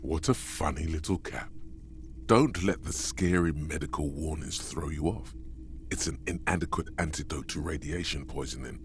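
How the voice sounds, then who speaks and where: An actor voicing the solemn narrator of a game, delivering poetic lines slowly and with weight. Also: male voice, rumbling low, slight background noise. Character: solemn older male game narrator, grave and knowing. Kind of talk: scripted dramatic narration.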